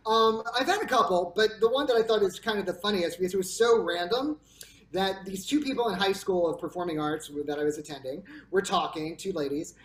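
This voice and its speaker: A man's voice: high voice, fairly quick, echoey room. A man hosting a talk show, chatting casually with playful asides.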